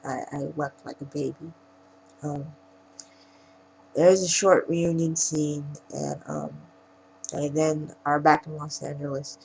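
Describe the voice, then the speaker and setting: Brief: woman film reviewer, low voice with vocal fry, casual rambling recap. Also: level tone, slow pace, pauses often, darkish tone, slight background noise, rough recording. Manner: rambling retelling with frequent restarts. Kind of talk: casual spoken plot recap.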